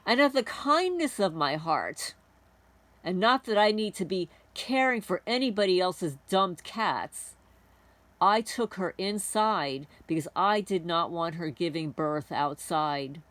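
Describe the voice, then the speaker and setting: A woman's voice: lowish voice, animated, measured pace, fairly bright tone, no echo. A woman hosting a homesteading channel, talking to camera in a heated, indignant monologue and swearing now and then. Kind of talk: rambling angry monologue to camera.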